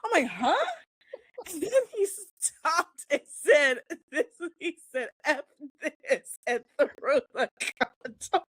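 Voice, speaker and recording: A woman hosting a casual chat show, telling an embarrassing story with animated, laughing delivery. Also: high voice, takes it slowly, dry recording. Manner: animated, laughing, shrieking at punchlines. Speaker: host.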